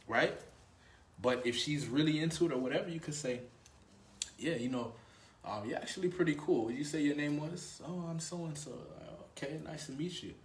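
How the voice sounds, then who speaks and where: In an echoey grocery store, a dating coach delivers a relaxed instructional monologue on dating, cursing freely and playing both parts of a conversation. His voice is medium-pitched and a bit bright.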